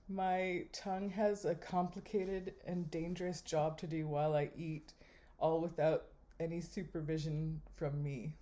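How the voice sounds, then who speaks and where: A young woman giving wry, deadpan running commentary while swiping through a dating app. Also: low voice. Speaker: vlogger.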